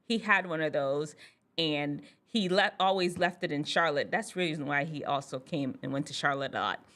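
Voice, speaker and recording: A woman physician hosting a show for teens, telling a casual personal story in an animated, chatty way and laughing often. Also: deep voice, moderate pace. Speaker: host, physician.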